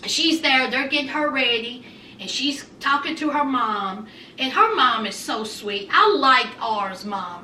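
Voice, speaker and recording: A woman's voice: high-pitched, pushed and bright, a little hiss or hum. A young woman giving a chatty, sassy recap of a reality show, calling her listeners honey and child. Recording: roomy echo, mic a bit distant.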